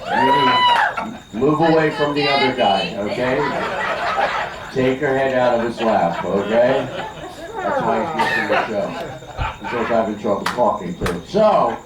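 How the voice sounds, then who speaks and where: A man's voice: medium pitch, huge pitch swings, a little slow. An older man from Philadelphia doing chatty stand-up comedy at an outdoor backyard party, teasing the crowd. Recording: echoey, distant, noisy outdoor party recording.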